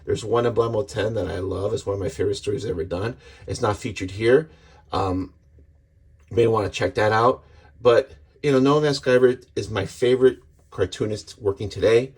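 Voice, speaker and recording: Earnest, husky-voiced man reviewing comics. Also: on the low side, normal speed, a little mellow. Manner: earnest, rambling, restarts often. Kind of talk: casual book review.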